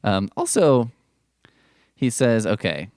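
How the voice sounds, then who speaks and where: Low-voiced man rambling about comics. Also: very animated, slow pace, a little mellow, dry recording, clean studio sound. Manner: rambling, profane, full of asides. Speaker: podcast host. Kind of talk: casual comic book commentary.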